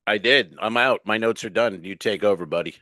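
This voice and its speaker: Deep-voiced man telling rambling stories. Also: brisk, sharp tone, no echo, studio quality. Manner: rambling storyteller, swears freely. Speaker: comedian podcast co-host. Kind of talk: casual podcast chat.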